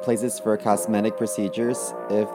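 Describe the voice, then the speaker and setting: A man's voice: lowish voice, level tone, normal speed, over loud music. A man co-hosting a comedy podcast, tossing off blunt, mock-innocent quips. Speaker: podcast co-host.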